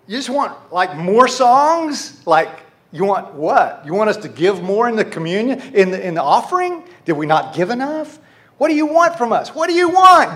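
A man voicing an indignant worshipper who demands, louder and louder, what God wants from him. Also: high-pitched. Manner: indignant, rising to shouts. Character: exasperated worshipper shouting at God, adult.

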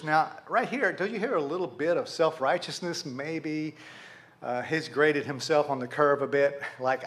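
A man preaching a sermon to a congregation, animated, asking rhetorical questions and speaking to them directly. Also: a little high, normal speed. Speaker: pastor.

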